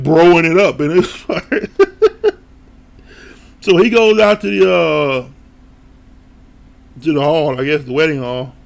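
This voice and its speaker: A man giving a casual recap of a TV show, animated and laughing often, with casual swearing. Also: on the high side, gravelly. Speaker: TV show reviewer.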